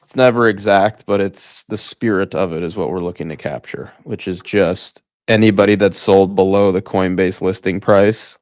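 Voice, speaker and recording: A man co-hosts a casual market livestream, speaking in a very low register. He talks emphatically and slangily, and his voice sounds dry and close with no room around it. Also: fairly even intonation, normal speed, hardly any pauses, dry recording. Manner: emphatic, slangy, calls others bro. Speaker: crypto market show co-host.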